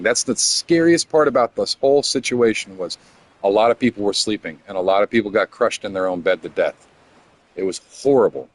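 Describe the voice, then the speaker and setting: A middle-aged man from Florida talks casually, rambling along and tripping over his words as he goes. His voice sits at an ordinary pitch for a man. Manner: rambling, repeats words when stumbling. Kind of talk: casual storytelling.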